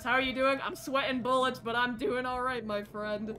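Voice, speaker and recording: A woman's voice: on the high side, steady tone, moderate pace, few pauses. Jumpy young woman streaming horror games. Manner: jumpy, shrieks when scared, reads dialogue softly. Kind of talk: live horror game commentary.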